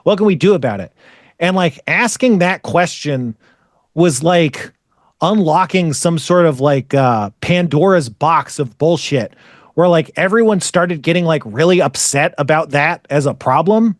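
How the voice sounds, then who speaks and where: Profane, rambling man with a higher voice. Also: animated, unhurried, no room sound, clean studio sound. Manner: rambling, profane, exasperated ranting; frequent "like" fillers. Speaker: podcast host. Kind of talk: casual storytelling chat.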